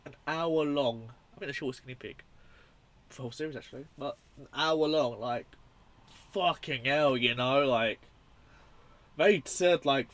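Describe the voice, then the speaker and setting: A young man reviewing a horror film in a casual, rambling, profane and excitable way. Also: medium pitch, moderate pace, pauses often.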